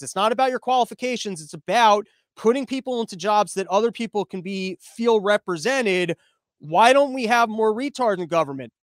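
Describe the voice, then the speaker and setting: A man's voice: high voice, no echo, studio quality. A man hosting a show, delivering a sarcastic, rambling comedic monologue with frequent restarts. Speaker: show host.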